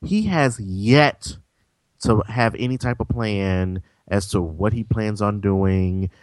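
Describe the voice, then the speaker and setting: A man's voice: on the low side, slow, dry recording. A man co-hosting a casual chat show, telling stories and laughing along. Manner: chatty, laughs along, storytelling. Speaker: podcast co-host.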